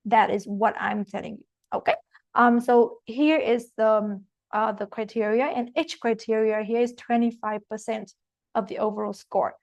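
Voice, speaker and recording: A woman's voice: on the high side, level tone, moderate pace, gravelly, no echo. A woman with a non-native English accent teaching an exam-prep masterclass, explaining step by step and checking in with "okay?". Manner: explanatory, frequent "okay?" check-ins and fillers. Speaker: IELTS teacher. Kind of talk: online masterclass lecture. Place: recorded online class.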